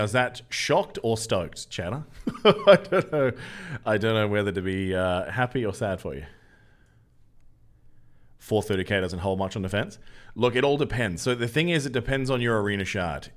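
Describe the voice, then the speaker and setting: A young Australian man streaming a mobile game, joking loosely with viewers and answering the chat as he plays. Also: lowish voice. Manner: jokey, loose banter, reads out chat and answers.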